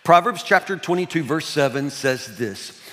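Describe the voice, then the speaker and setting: A man's voice: on the high side, animated, normal speed, bright, forceful tone. A man, preaching a sermon in a folksy, self-mocking storytelling way. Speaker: pastor. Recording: long hall reverb.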